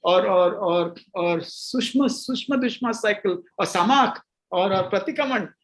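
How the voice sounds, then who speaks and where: Emphatic Indian man with a high voice. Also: measured pace, rough recording. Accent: Indian English. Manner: earnest, emphatic, repeats words and restarts. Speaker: doctor and guest speaker. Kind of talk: seminar Q&A answer.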